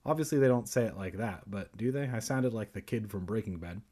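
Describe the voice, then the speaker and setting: Husky man doing a sarcastic book reading. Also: on the low side, expressive, a little fast, hardly any pauses, warm tone. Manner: sarcastic, crude asides. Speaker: reader. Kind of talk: comic reading of a children's book.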